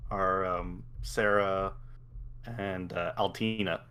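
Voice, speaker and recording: Man, lowish voice, giggles a lot, stumbles through casual chat. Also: fairly even intonation, takes it slowly, bright, forceful tone, clean tone. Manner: giggly, laughs often, many restarts. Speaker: podcast co-host.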